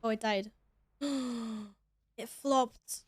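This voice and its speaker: A young woman with a husky voice on the high side speaks with fairly even intonation, drawing out her words, and there's no echo. She streams a game, chatting casually with viewers during play and swearing now and then.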